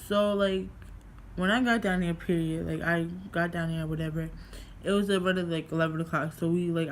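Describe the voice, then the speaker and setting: A woman's voice: on the low side, slight background noise. A young woman from New York vlogging casually at home, rambling through a story with lots of fillers and swearing.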